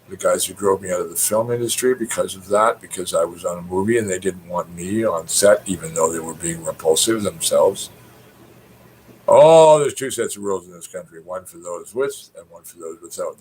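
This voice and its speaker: A middle-aged man from Canada rambles through a profane, heated monologue as a poet airing his grievances. His voice sits on the low side, and now and then he mimics other people in raised voices. A faint hum of ambient noise runs under the recording. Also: poor audio.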